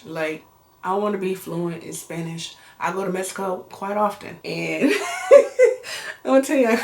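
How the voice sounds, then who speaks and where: Young american woman rambling through q&a, laughs a lot, slangy, echoey room. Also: medium pitch. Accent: American English. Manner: animated, laughing, slangy storyteller. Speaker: vlogger. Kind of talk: casual get-to-know-me chat. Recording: roomy echo.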